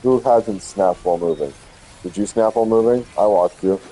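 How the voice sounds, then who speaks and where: A man's voice: fairly low pitch, normal speed, warm tone, husky, rough recording. A man chatting casually while playing a game, teasing his friend with profane banter. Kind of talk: casual chat.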